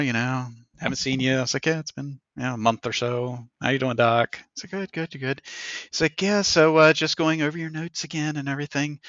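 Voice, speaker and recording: A man hosting a podcast in casual chat, telling an animated story and acting out what other people said, with laughs along the way. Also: medium pitch, no room sound, muffled recording. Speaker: podcast host.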